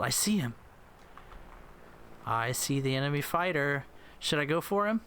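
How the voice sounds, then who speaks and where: A man's voice: fairly high pitch, lively intonation, unhurried, sharp tone, slight background noise. A man giving silly, rambling commentary while playing an air combat game, often slipping into mock voices. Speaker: gameplay commentator. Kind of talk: goofy gameplay commentary.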